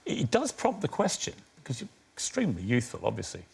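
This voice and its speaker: A man's voice: medium pitch, wildly swooping pitch, fairly quick, creaky, a little mellow, slightly rough. Wry, probing male interviewer. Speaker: interview show host.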